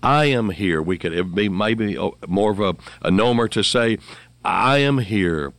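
Male radio preacher, low voice, fervent and rambling, dry close mic. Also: normal speed, no echo. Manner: rambling, fervent, quotes scripture with rising emphasis. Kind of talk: radio sermon.

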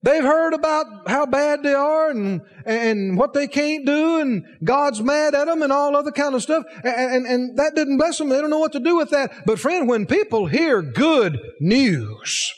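A man's voice: extremely high pitch, animated, a little slow, few pauses, long reverb tail. A man preaching a sermon, emphatic, asking the congregation rhetorical questions.

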